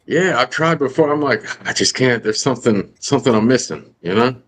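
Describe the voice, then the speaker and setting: A man co-hosting a livestream, chatting in a relaxed, easygoing way. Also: medium pitch, fairly quick. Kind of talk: casual chat.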